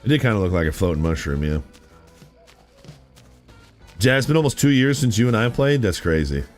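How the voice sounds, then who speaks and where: A man's voice: fairly low pitch, a little fast, faint music behind. A man chatting casually with viewers on a gaming live stream, rambling through stories and blurting out reactions. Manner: animated, rambling storyteller who blurts out reactions.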